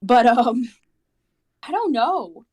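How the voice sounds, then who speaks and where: A woman's voice: fairly high pitch, animated, takes it slowly, a little mellow. A young woman chatting as a guest on a stream, bubbly and giggly. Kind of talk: casual chat.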